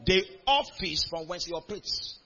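A man's voice: sits high, wildly swooping pitch, normal speed, pushed and bright, lo-fi sound. A man preaching a sermon in a church hall, reading scripture aloud and calling out questions to the congregation. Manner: reads scripture aloud in a rising, building cadence. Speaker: pastor.

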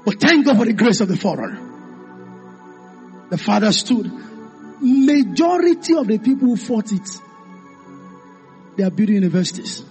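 A man preaching a sermon, calling out to the congregation and rising into impassioned shouts. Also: high-pitched, big pitch swings, moderate pace, pauses often, soft background music.

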